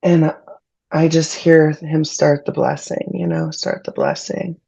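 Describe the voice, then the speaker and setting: A woman's voice: sits low, flat delivery, unhurried, gravelly, mellow, husky, highs cut off. A woman guest on a podcast, candidly and emotionally retelling a personal ordeal in casual speech. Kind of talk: personal storytelling in conversation.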